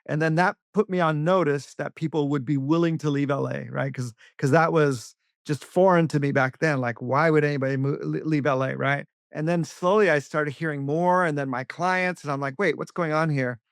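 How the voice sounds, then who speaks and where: A man's voice: on the high side, steady tone, normal speed, gravelly, hardly any pauses, no room sound, studio quality. A man co-hosting an interview, telling chatty anecdotes with frequent restarts. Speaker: co-host, attorney. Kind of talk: casual interview talk, storytelling.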